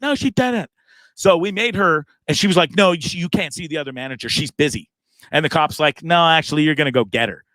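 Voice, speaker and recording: A man hosting his own live show, telling a long story in a casual, animated way, acting out the other people in it and swearing freely. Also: on the high side, dry recording. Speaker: host.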